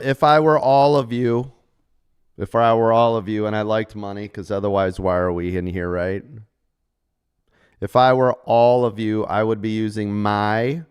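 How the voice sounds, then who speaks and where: A man's voice: on the low side, smooth. A middle-aged man hosting a live trading stream, talking casually and salesy to members, joking and tossing in "right?" often. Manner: chatty, salesy, jokey with frequent rhetorical "right?".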